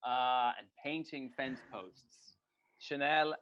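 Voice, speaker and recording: A man's voice: medium pitch, normal speed, muffled recording. A man co-hosting a podcast in casual chat, rambling and joking with plenty of swearing. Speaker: podcast co-host.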